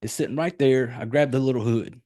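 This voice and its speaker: A man talks casually on a podcast, his delivery loose and rambling, with swearing scattered through it. His voice sits at an ordinary middle pitch, but when something worked him up he jumps sharply higher. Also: fairly quick. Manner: rambling, profane, animated retelling with sudden high-pitched jumps. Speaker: podcast host reviewing a horror film.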